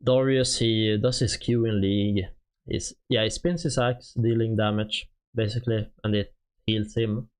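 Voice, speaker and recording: A man with a Swedish accent, a native Swedish speaker, streaming and reading through game units in a halting, casual way with many fillers. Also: on the low side, fairly even intonation, darkish tone, smooth.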